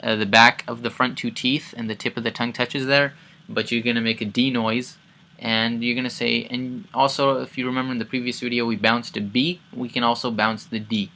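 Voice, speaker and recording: A man teaching Quran recitation in a casual lesson. He explains each sound step by step, repeats words several times and chants the recited verses louder. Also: medium pitch, little pitch movement, brisk.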